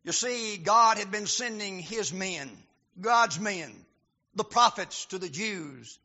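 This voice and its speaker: A male preacher giving a sermon, reading scripture and building to emphatic, shouted points. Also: sits high, slow. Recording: dull lo-fi recording.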